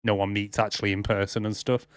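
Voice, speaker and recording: A man's voice: fairly low pitch, little pitch movement, fast, smooth, no echo, clean studio sound. A man co-hosting a movie podcast, chatting casually and rambling with lots of fillers. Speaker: podcast co-host. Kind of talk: casual chat.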